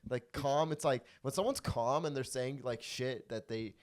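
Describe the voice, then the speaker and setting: A man hosting a casual comedy podcast, talking at a middle pitch. He slips into loud, mock-calm voices to act out what people say. His delivery is animated and jokey. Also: normal speed. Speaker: podcast host.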